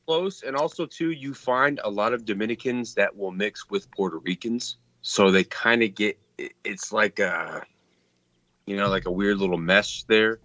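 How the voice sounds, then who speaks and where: A man's voice: lowish voice, normal speed, bright, forceful tone, dry recording, lo-fi sound. A man with a Texan accent chatting loosely on a call, swearing freely. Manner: loose, profane, talks over others. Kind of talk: casual chat.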